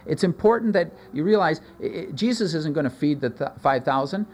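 A man preaching a sermon as a pastor, earnest, his voice rising for emphasis and dropping low in asides. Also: lively intonation, brisk, a little mellow.

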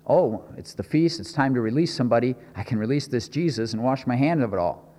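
A man's voice: mid-range voice, lively intonation, brisk, dark tone, close to an everyday voice. A man voicing an anxious, exasperated middle-aged Roman governor in a reverberant hall. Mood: musing. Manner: exasperated, pleading.

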